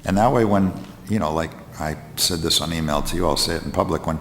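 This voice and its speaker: A man's voice: deep voice, a bit bright, a little hiss or hum. A man on a town committee, speaking with rambling enthusiasm at a meeting. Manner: enthusiastic, rambling, quick bursts. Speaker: committee member. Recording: echoey room from a distant mic.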